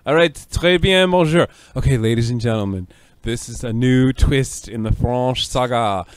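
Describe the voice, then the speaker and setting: A man hosting a casual podcast, loud, joking and profane. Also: mid-range voice, moderate pace, clear, resonant tone, dry recording. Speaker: podcast host.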